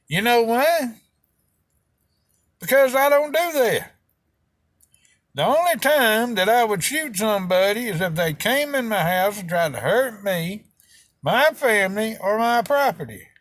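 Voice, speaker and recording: Man, Southern American accent, middle-aged, heated folksy rant, raised pitch, dry close sound. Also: fairly bright tone, no room sound. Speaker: video host. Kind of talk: opinion rant to camera.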